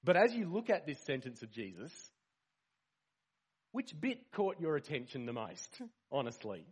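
Husky-voiced man preaching conversationally. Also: a little high, moderate pace. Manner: conversational, rhetorical questions, animated emphasis. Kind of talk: sermon.

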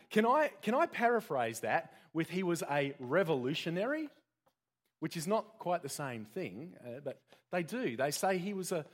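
A man preaching an interactive sermon in a church, joking and putting questions to the congregation. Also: fairly high pitch. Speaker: pastor.

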